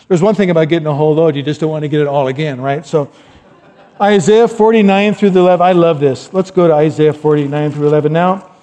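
A middle-aged male pastor preaches with a raised, mellow voice. His talk is loose and chatty, full of asides, and now and then he rises to loud emphatic lines. The sound rings with a long hall reverb. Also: on the high side, brisk. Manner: conversational, rambling asides, rising to loud emphatic quotes. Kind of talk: sermon.

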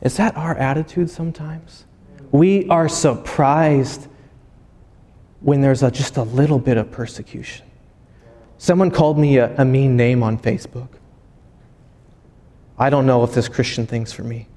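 A man, a pastor, preaching a sermon as animated storytelling and acting out voices. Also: medium pitch, a little slow, long pauses, in a large hall.

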